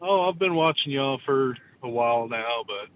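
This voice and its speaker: A man's voice: expressive, moderate pace. A man calling in while driving, easygoing and drawling. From Texas. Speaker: caller. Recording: muffled phone call with road rumble.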